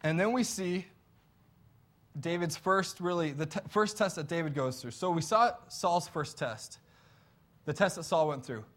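A man's voice: fairly high pitch, measured pace, fairly bright tone. A man preaching a sermon in an earnest, conversational storytelling way.

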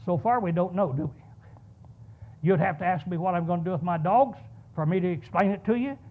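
A man's voice: high voice, fairly quick. A man preaching a sermon, telling a story and asking rhetorical questions. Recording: tinny phone-like sound.

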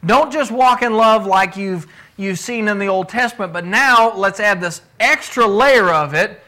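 Guy giving a sermon, high bright voice, keeps asking questions and hammering the point home. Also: measured pace. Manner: conversational teaching with rhetorical questions; repeats words when restarting, emphatic. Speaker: preacher.

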